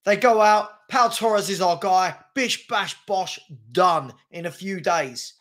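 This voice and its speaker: A man's voice: high voice, slow pace, a bit bright. A man, hosting a football fan channel and ranting in anger, with repeated rhetorical questions. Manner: exasperated, repetitive rhetorical questions. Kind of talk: angry fan rant to camera.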